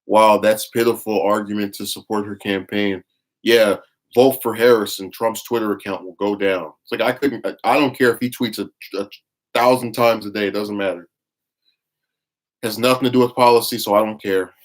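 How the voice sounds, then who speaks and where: A man's voice: on the low side, steady tone, moderate pace. A man giving blunt, scornful live-stream commentary, reading viewer chat and rambling with frequent restarts. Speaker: livestream commentator.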